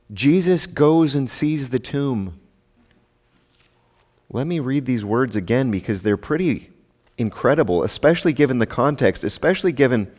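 A man's voice: medium pitch, a little mellow. A man giving a sermon as pastor, speaking conversationally with rhetorical asides to his congregation. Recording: long reverb of a large hall.

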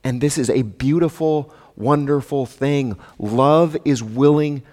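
A man's voice: medium pitch, slow pace, darkish tone. A man giving a sermon as pastor, speaking conversationally with rhetorical asides to his congregation. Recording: long reverb of a large hall.

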